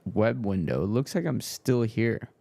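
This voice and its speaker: A man's voice: on the low side, big pitch swings, a little slow, creaky, warm tone, no room sound. A man streaming, casually muttering to himself as he fiddles with his stream settings. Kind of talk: casual livestream chatter.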